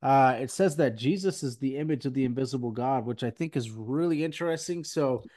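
Brisk and mellow, with a mid-range pitch, this man's voice carries his Christian podcast. As host he rambles earnestly through casual conversation and preaching, using lots of filler words.

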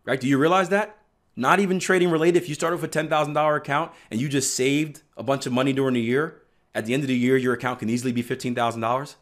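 A man's voice: medium pitch, fairly even intonation, fast talker. A man teaching about trading in a motivational way, emphatic and repetitive, often checking in with "right?". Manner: emphatic, repeats "right?" often, bursts of loud stress. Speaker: trading coach.

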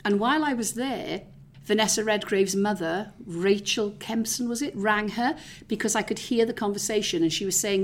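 A woman's voice: medium pitch, moderate pace. A middle-aged woman from the South Wales valleys with a Welsh accent, talking in an interview and reminiscing in a chatty way with many fillers and restarts. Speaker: interview guest. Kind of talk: reflective conversational interview.

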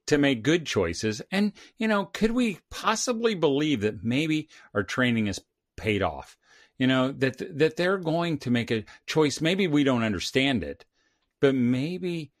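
An earnest middle-aged man in an unscripted talk about family life. His pitch rises and falls in a lively way, and he keeps restarting his sentences as he works through a thought. His voice sits at a middle pitch for a man. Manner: earnest, animated, repeats and restarts phrases. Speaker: podcast co-host. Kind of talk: casual conversation about parenting.

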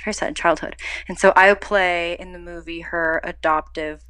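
A young adult woman, an actor being interviewed, telling stories in a lively, casual way and acting out quoted lines. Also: normal speed, clean tone. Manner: animated storytelling, acts out quotes with big pitch jumps. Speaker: actor guest.

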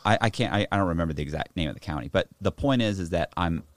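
A young man telling a story in a casual chat, animated and slangy, swearing often. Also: sits low, very fast, slight background noise.

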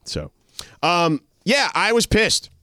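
A man's voice: sits high, slow, no echo. A male co-host in casual sports talk who gripes about the game like a fan. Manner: animated, fan-style griping. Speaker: radio show co-host.

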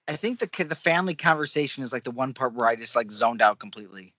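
Casual speaker, mid pitch, expressive, wry, dry dull sound. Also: fast, no echo. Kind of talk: casual movie discussion.

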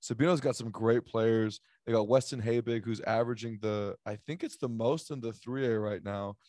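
A man's voice: medium pitch, normal speed, a little mellow, no room sound, clean studio sound. A man hosting a casual sports chat, joking and rambling with lots of fillers as he runs through picks. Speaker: sports podcast host.

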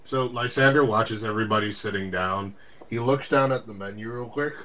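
A man's voice: fairly low pitch, brisk, bright, forceful tone. A man playing a tabletop role-playing game, easygoing as he describes his character's actions. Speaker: player.

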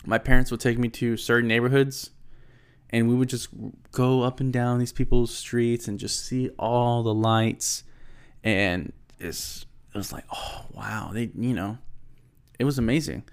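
A man's voice: mid-range voice, smooth. A man talking casually to the camera, rambling through a story with lots of restarts and filler words. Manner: rambling, loose, full of "like" and restarts.

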